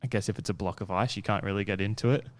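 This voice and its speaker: A man co-hosting a podcast, explaining things in a relaxed, plain way. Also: lowish voice, racing. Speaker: podcast co-host. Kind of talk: casual chat.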